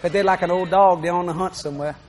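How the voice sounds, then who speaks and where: Animated high-voiced older preacher. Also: male voice, fast. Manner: animated, shouting and laughing, acting out scenes. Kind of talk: sermon.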